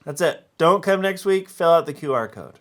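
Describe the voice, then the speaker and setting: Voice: mid-range voice, animated, normal speed, soft background music. A youth ministry host making jokey announcements and then giving a Bible recap. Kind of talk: playful hosting and Bible recap.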